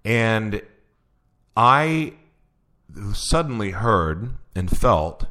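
Male guest, very low voice, earnest testimony, halting storytelling. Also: animated, a bit bright. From Oklahoma. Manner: earnest storytelling, many restarts and fillers. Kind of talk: personal testimony in interview.

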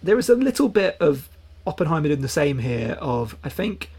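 Gravelly husky guy on a podcast, kinda halting, repeats himself a lot talking movies. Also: on the high side, very animated, darkish tone. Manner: halting, repeats words, quick asides. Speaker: podcast co-host. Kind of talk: casual film chat.

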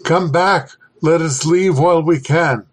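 A man voicing a terrified, hoarse explorer. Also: on the high side, unhurried. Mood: pleading dread. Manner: urgent, pleading, hoarse. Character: terrified male polar explorer, shaken.

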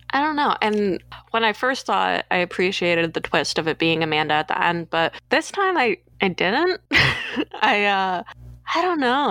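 A woman's voice: on the low side, fairly bright tone. A woman from Canada co-hosting a film podcast in casual chat, laughing often and hedging with fillers. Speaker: podcast co-host.

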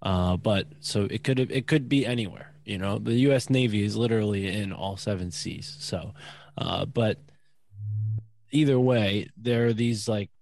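A man's voice: on the low side, normal speed, gravelly, a little mellow, no echo. A man co-hosting a casual podcast chat, rambling through long theories and filling his talk with "like" and "you know.". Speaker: podcast co-host.

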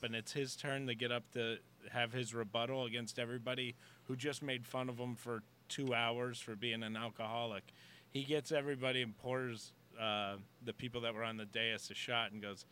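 A man's voice: medium pitch, sharp tone, clear, resonant tone. A man co-hosting a casual chat, telling rambling, laid-back anecdotes full of fillers, recorded in a comedy club. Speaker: comedian co-host.

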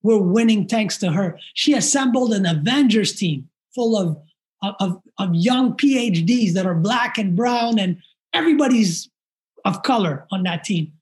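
A man speaking as a podcast guest and community activist, telling a story in an emphatic, energetic way and acting out quotes. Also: high-pitched, unhurried. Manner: emphatic, energetic, quotes others in lively asides. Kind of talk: animated conversational storytelling.

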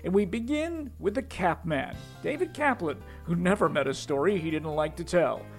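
A man opens a podcast in an upbeat announcer manner, and his pitch swings widely. His voice is high and has a gravelly edge. Faint music plays behind him. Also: lively intonation, moderate pace. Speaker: podcast host. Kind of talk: scripted podcast intro.

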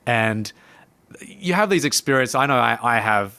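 A man, a podcast guest, telling a personal story in animated conversation and acting out his own past lines. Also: mid-range voice, a little slow. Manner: lively narrator who acts out his own past lines. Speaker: podcast guest, coach and speaker.

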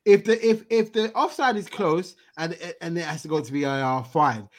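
A man hosting a casual football chat, animated and slangy, reading out viewer comments. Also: a little high, normal speed.

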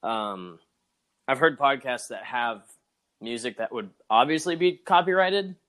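A man's voice: medium pitch, lively intonation, unhurried, fairly bright tone. A man co-hosting a podcast, chatting casually and thinking aloud with fillers. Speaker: podcast co-host. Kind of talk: casual chat.

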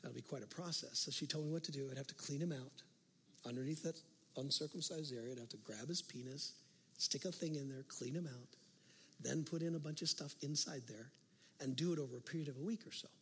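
A male pastor preaching a sermon, telling a story with animated swings from loud to hushed. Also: mid-range voice, brisk, a little hiss or hum. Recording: long reverb of a large hall.

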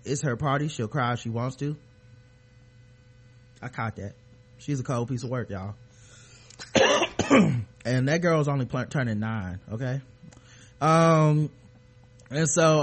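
A male podcast host in casual chat, recapping a TV episode with profane, animated retellings and acted-out quotes. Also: mid-range voice.

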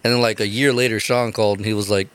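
Animated, swearing young man telling stories. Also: lowish voice, fast talker, a little hiss or hum. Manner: animated storyteller, acts out quotes, swears a lot. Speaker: podcast host. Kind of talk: casual chat.

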